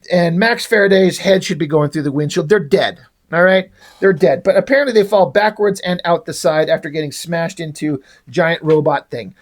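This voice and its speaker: A man reviewing a comic book in a casual rant, sarcastic, exasperated and full of swearing. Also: sits high.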